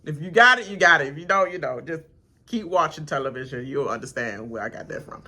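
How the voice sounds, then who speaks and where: Animated woman ranting about a TV show. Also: fast. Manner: animated, laughing, acts out cast members in high mocking voices. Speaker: reaction vlogger. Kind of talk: casual reaction rant.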